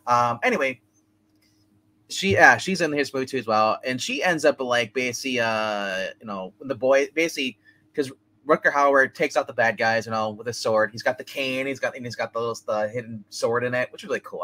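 A man's voice: medium pitch, animated, a little fast, sharp tone. A man hosting a movie review podcast, rambling through a plot recap with lots of fillers and laughs. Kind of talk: casual chat.

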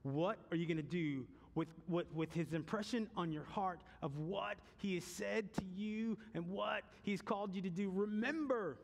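A pastor in his forties preaching a sermon, swinging between loud preaching and hushed questions, often stammering and repeating words. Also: high voice, normal speed, vocal fry, few pauses, slight background noise. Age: 40s. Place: church sanctuary. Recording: long reverb of a church hall.

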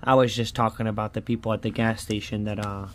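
A man's voice: lowish voice, flat delivery, fast talker, a little hiss or hum. A man hosting a casual vlog as he scratches lottery tickets, grumbling and often tacking "man" onto his sentences. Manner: frustrated, grumbling, repeats "man". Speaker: lottery scratch-off channel host.

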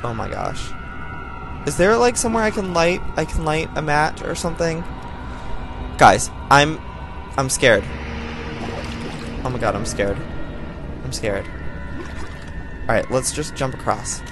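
A man's voice: mid-range voice, lively intonation, a little slow, pauses often, music in the background. A young man in his twenties hosting a horror game let's play, talking to himself in a jittery, frightened way. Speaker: gaming channel host.

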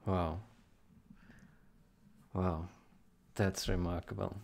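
A man who talks to his channel in a halting, casual way, repeating himself as he speaks about his work on a game. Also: deep voice, little pitch movement, gravelly, darkish tone, slight background noise. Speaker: game modding developer. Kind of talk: casual emotional vlog recording.

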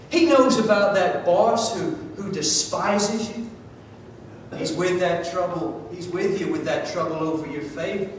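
Preacher in a big echoey church. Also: male voice. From Georgia, US. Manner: dramatic storytelling, swings from loud to hushed. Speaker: pastor. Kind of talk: sermon. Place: church sanctuary. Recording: echoey church hall from far off, faint rumble.

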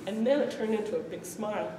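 A woman storyteller telling a folk tale to a live audience, lively and often laughing as she acts it out, in a festival hall. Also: medium pitch, fast talker, background noise. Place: event hall at a medieval arts festival. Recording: echoey hall from far off.

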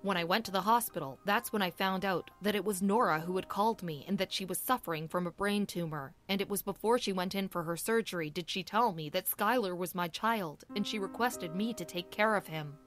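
A woman's voice: medium pitch, brisk, hardly any pauses, fairly bright tone, soft background music, natural voice. A woman voicing a young husband in an audiobook, explaining himself in a worried, pleading way. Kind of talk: audiobook character voice.

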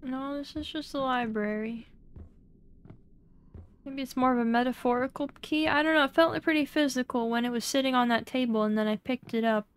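A woman's voice: sits high, brisk, clean tone. A young woman streaming a horror game, chatting playfully and breaking into mock-dramatic outbursts.

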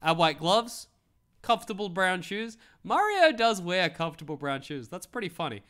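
A man's voice: high voice, big pitch swings, moderate pace, fairly bright tone. A man streaming casual commentary, reading how-to articles aloud with wry, rambling asides and replies to his chat.

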